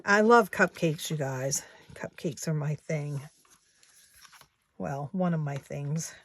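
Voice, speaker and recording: A woman's voice: sits low, slow pace, fairly bright tone. A woman in her sixties, a craft shop owner chatting casually to her viewers, rambling and often going back to correct herself. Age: 60s.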